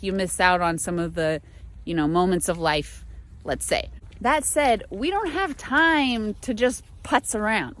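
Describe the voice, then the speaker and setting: American woman, young adult, casual vlog chat, animated, exasperated asides, fairly high pitch. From United States. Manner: chatty, exasperated, animated quoting. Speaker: vlogger. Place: small apartment at home.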